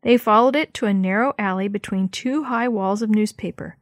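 Woman narrator for a children's book, clear and expressive, dry close sound. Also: mid-range voice, moderate pace, no echo. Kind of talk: children's book read aloud.

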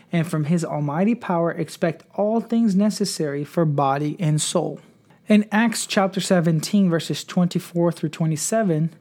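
Earnest male preacher, higher voice. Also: darkish tone. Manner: measured, earnest, quotes scripture at length. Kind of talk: devotional podcast teaching.

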